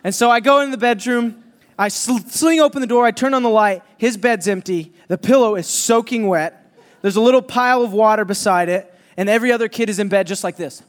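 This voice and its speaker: A man preaching a sermon, telling a lively personal story and teasing his listeners. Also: high-pitched, fairly quick, long reverb tail. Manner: animated, joking storyteller who teases the audience.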